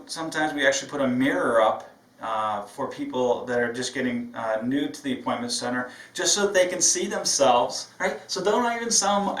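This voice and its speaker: A man's voice: medium pitch, a bit bright. A man who owns a business, giving an upbeat, conversational training lecture to his staff and often checking "right?". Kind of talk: training lecture with phone role-play. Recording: echoey room, mic far off.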